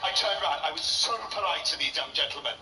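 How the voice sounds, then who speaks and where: Posh British stand-up comedian. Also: male voice, a little high, fast, far from the mic, music in the background, poor audio. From Britain. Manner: posh, self-mocking storytelling. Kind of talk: stand-up routine. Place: large theatre stage.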